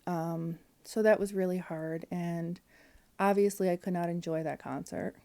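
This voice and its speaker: A woman's voice: on the low side, unhurried, mellow. A woman in her forties candidly telling an emotional personal story as a podcast guest, with fillers and quoted dialogue.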